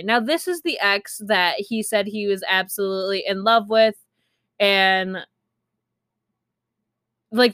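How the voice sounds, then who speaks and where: A woman's voice: medium pitch, a bit bright, smooth, dry recording, studio quality. A young woman telling a candid, chatty story about her own life, full of fillers, and laughing at herself. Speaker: streamer. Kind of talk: casual storytime.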